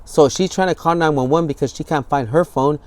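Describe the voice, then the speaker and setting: A man's voice: on the high side, fairly quick, darkish tone, no echo. Man telling a raw story. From San Francisco Bay Area. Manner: vivid storytelling, acts out scenes, swears freely. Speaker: interviewee. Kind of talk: candid documentary interview.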